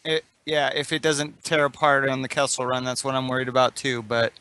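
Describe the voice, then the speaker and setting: A man playing a tabletop role-playing game, talking through the risks in a measured way. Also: mid-range voice, little pitch movement, pushed and bright, clear, resonant tone. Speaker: player. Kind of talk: casual tabletop play.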